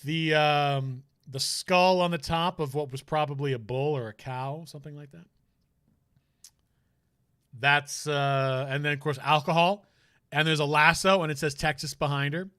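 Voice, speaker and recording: A man's voice: fairly high pitch, sharp tone, smooth, no echo, clean studio sound. A man streaming a game, chatting casually and rambling with jokey asides. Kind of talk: casual let's-play commentary.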